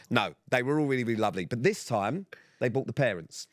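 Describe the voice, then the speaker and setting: With a voice on the low side and a normal speaking speed, this podcast co-host in his 30s swears freely and recounts anecdotes dryly in a casual storytelling chat. There is no room sound.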